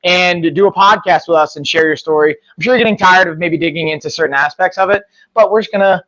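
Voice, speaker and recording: A man's voice: sits high, quick pace, fairly bright tone. A man co-hosting a live stream, talking casually as he wraps up and signs off. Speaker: co-host and coach. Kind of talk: casual stream sign-off chat. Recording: dull lo-fi sound.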